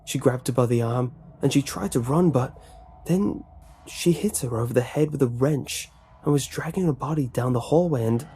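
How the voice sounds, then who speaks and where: A man voicing a frightened teenage boy who speaks breathlessly in a hushed voice. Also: mid-range voice, normal speed, slight background noise, pitched above the performer's own voice, lightly acted. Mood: scared. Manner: whispered, breathless.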